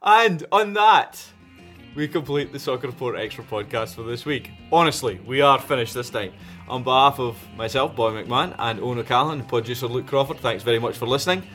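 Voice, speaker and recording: A man hosting a podcast, giving a brisk and friendly sign-off. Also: mid-range voice, a bit bright, soft background music. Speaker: podcast host. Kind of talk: show sign-off.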